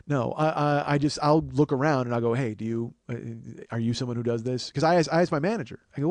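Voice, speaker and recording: A man hosts a podcast and tells comic stories at a brisk clip. His talk is profane and rambling, full of acted-out quotes. The sound is close and dry. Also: medium pitch, a little mellow, no echo. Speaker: podcast host. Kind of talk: casual comedic storytelling.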